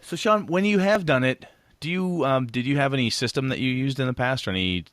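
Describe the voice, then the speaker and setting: A man's voice: medium pitch, brisk, a bit bright, no room sound, studio quality. A man co-hosting a casual gaming podcast, talking frankly and swearing now and then. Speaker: podcast co-host.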